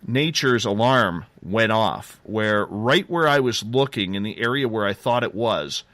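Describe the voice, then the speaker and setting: A middle-aged man tells a story as a radio interview guest, and his excitement keeps getting ahead of him, so he restarts sentences and jumps back. His voice sits low, and the sound is dry with no room around it. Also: measured pace, dry recording. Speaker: interview guest, field investigator.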